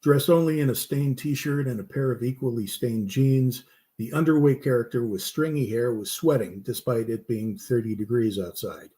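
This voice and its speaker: A man narrating a campfire story in a steady way, with small slips and restarts. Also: mid-range voice, normal speed.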